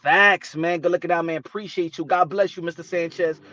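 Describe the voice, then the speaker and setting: A man's voice: a little high, steady tone, brisk, pushed and bright, no echo, highs cut off. A man from Brooklyn hosting a casual boxing talk show, talking in streetwise slang and dropping in Spanish phrases.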